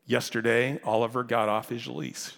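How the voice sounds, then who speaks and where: A man preaching a sermon as pastor, telling a story with dramatic shifts from loud calls to hushed near-whispers. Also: mid-range voice, little pitch movement, moderate pace, vocal fry, long reverb tail. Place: church sanctuary.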